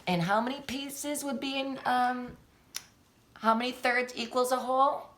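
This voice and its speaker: A young adult woman teaching a playful classroom lesson on video, animated and teasing, laughing often. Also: high voice, measured pace.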